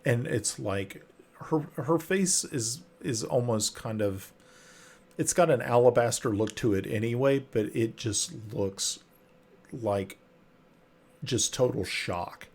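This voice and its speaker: A man narrating a tabletop role-playing game as game master, halting with fillers and restarts. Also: medium pitch, creaky, darkish tone, breathy edge.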